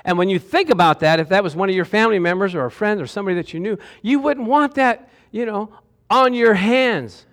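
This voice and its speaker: A man with a high voice preaching a lively sermon in a church. He keeps calling out to the congregation for answers as he goes. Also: a little fast. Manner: animated, calls out to the congregation for responses.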